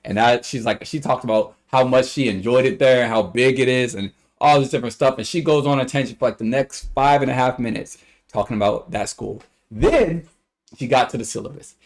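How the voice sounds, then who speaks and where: A young man on a casual livestream, rambling through a story and acting out the quotes in high voices. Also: brisk. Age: young adult.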